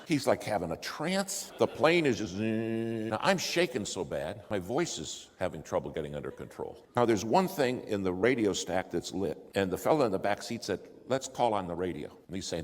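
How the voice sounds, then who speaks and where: A man's voice: fairly low pitch, normal speed, a little hiss or hum. Man telling a story in a reverberant hall. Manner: animated storyteller, acting out quoted voices. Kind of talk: storytelling sermon.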